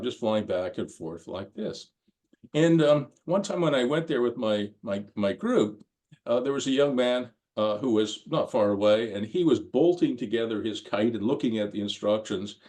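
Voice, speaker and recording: An older man lecturing a class in a loose, conversational style. He rambles through anecdotes with frequent ums and restarts. His pitch sits in an ordinary middle range for a man. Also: expressive, normal speed, darkish tone. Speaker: course lecturer.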